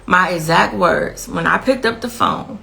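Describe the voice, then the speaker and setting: A woman's voice: fairly low pitch, measured pace, creaky, bright, forceful tone, low-quality recording. A woman, a grieving mother, giving a blunt and impassioned interview account, repeating herself for emphasis. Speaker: victim's mother telling her story.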